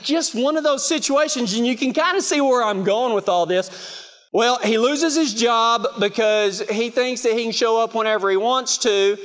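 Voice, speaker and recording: Male West Texas preacher with a strikingly high voice, telling stories with a self-mocking humor, booming in a big reverberant hall. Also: a bit bright. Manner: chatty, self-mocking, lots of "you know". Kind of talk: storytelling sermon.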